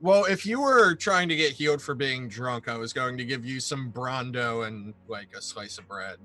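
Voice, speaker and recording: A man's voice: medium pitch, expressive, normal speed, pushed and bright, soft background music. A man playing a character in a tabletop game, joking around with the group. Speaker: player.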